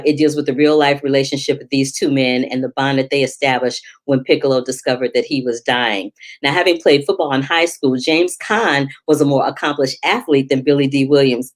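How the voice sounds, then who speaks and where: Low-voiced chatty woman film critic. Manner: chatty and animated, quick asides and laughter. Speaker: film critic and show host. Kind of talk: casual movie review vlog.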